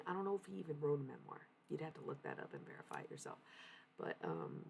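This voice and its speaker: Female streamer, deep-voiced and rambling in a loose, casual monologue. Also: animated, fairly quick, vocal fry, a little mellow, a little hiss or hum, rough recording. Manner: rambling, meandering storytelling. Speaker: livestream host.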